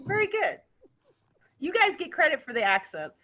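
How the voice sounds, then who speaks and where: A woman's voice: high voice, very animated, moderate pace, over a noisy crowd. A woman hosting a birthday party over a video call, chatting and laughing between turns. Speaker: party host. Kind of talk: casual chat. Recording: muffled video call audio.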